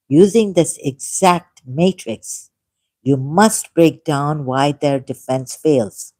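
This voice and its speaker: A woman hosting her own channel, reading a text aloud slowly and commenting, with apologetic asides. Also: low voice, mellow, no echo. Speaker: channel host. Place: dim room.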